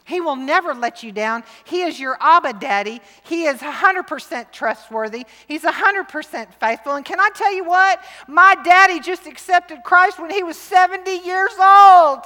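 High, bright middle-aged woman preaching. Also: normal speed, few pauses. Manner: lively, jokey and emphatic, swinging from loud to hushed. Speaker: women's conference speaker. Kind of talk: sermon. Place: large church hall. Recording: long hall reverb.

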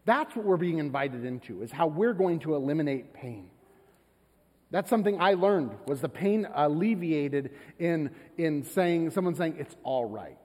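Pastor, male, lively storyteller, slightly high voice, long church reverb. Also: moderate pace. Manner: conversational, animated storytelling with laughs. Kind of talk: sermon with personal story. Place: church sanctuary.

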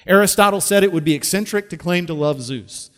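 A pastor preaching a sermon, telling stories and dropping from loud emphasis to hushed, slow lines. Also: male voice, sits high. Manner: storytelling preacher with wide swings between loud and hushed. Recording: long reverb of a large hall.

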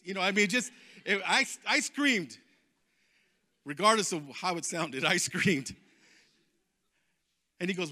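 A man preaching, telling a personal testimony in a lively, emphatic storytelling way. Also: sits high, normal speed. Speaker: guest preacher. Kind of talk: testimony sermon.

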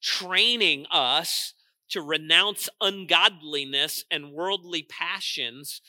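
A man preaching a sermon as pastor, stressing points loudly, dropping into quiet asides and asking the congregation questions. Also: fairly high pitch, slow, no echo, studio quality.

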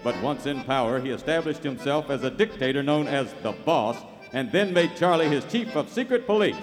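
A man's voice: lively intonation, brisk. A man announcing and narrating a live radio show, in a showman style, from a theater stage. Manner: booming showman announcing, then dry storytelling. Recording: live theater with reverb, audience and music.

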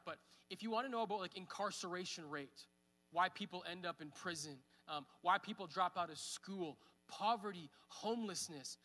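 High bright-voiced man preaching in a hall. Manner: conversational, with fillers and laughs. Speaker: pastor. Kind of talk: sermon. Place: church hall.

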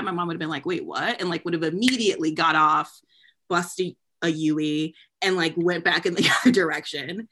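A young woman from New England telling a story in casual chat, animated, laughing and swearing, with lots of "like". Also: lowish voice, slight background noise. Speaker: podcast co-host telling a story.

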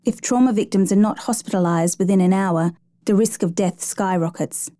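A woman narrating a true rescue story in a measured, even storytelling manner. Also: mid-range voice, dry recording. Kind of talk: scripted narration.

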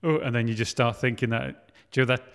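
A man's voice: mid-range voice, level tone, fast talker, vocal fry, fairly bright tone, clean tone. Man, casual chat, chatty, self-mocking, laughs often, long hall reverb.

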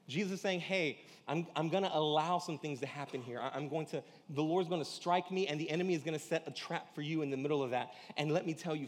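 Slangy pastor preaching in a reverberant hall. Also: male voice, on the high side. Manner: casual slangy preaching, acts out quoted dialogue. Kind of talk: sermon.

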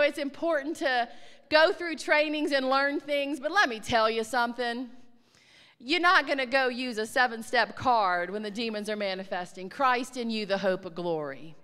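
High bright lady telling a mission story, gets loud then hushed, smooth clear voice. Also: big-room sound. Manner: excitable, swings from hushed to shouting. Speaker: ministry speaker. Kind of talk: animated testimony storytelling.

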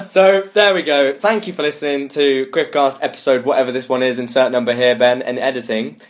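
A man's voice: mid-range voice, fairly even intonation, fairly quick. A young man hosting a casual comedy podcast, reading a story aloud and mocking it with frequent laughter and swearing. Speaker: podcast host.

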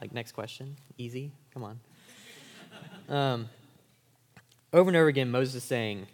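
A man preaching a sermon to college students. His voice sits at an average pitch and his delivery is informal and conversational. He keeps the listeners with him by asking "right?". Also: moderate pace, pauses often. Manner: speaks to college students in everyday language. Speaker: pastor.

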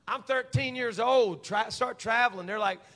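High, bright-voiced preacher in his forties. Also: moderate pace. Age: 40s. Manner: animated, humorous, folksy. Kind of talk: storytelling sermon.

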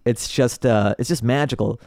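A male comedian guest on a podcast, telling stories in an animated, casual way and laughing often between phrases. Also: mid-range voice, normal speed, no room sound, studio quality.

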